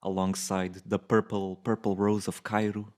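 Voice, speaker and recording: A man co-hosting a casual film-review podcast. He speaks in a relaxed, thoughtful way and often restarts his sentences. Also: lowish voice, normal speed. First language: Portuguese. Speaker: podcast co-host.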